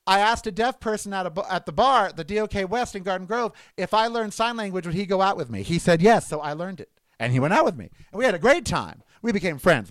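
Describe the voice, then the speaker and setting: A man's voice: a little high, a bit bright, clear, resonant tone, no room sound. A man hosting a talk show, delivering a rambling political monologue that slides between sarcastic rants and personal stories. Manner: ranting, sarcastic, digressive. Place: Desert Breeze area, Southern California.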